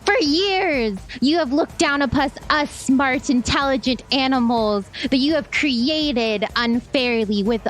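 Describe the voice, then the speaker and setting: A woman's voice: high-pitched, slow pace, few pauses, pitched above the performer's own voice. A woman voicing a scheming awakened animal leader. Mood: grandiose. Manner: grandiose speechmaking, giggling.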